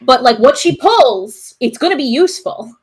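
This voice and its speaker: A woman player chattily introducing her game character, full of "like" and animated asides. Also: sits high, normal speed, husky.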